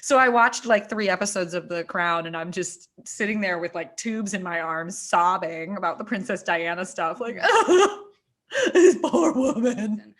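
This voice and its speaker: A woman co-hosting a casual chat, telling stories in an animated way, laughing often and saying "like" a lot. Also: lowish voice, unhurried. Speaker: co-host.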